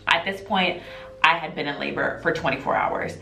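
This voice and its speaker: A woman vlogger telling her own birth story to camera in an emotional, animated way, often quoting what people said. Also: deep voice, moderate pace, gravelly. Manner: emotional, animated retelling with quoted voices. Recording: echoey room with faint music.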